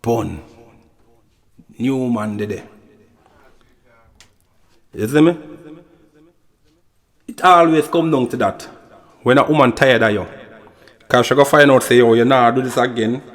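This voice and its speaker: A man's voice: mid-range voice, lively intonation, takes it slowly, pauses often, long reverb tail. A man with a Jamaican accent telling a casual, rambling anecdote, repeating "you know" and "you see me" as he goes. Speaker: storyteller. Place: recording studio.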